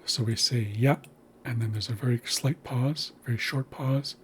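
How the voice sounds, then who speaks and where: A man's voice: medium pitch, steady tone, normal speed, slight background noise. A man teaching a language lesson, patiently spelling out sounds and words.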